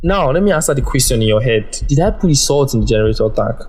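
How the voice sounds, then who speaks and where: A man's voice: medium pitch, expressive, quick pace, darkish tone, husky. A man hosting a casual solo podcast, rambling and chatty as he explains things and tells stories. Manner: rambling storyteller, chatty with fillers. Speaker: podcast host.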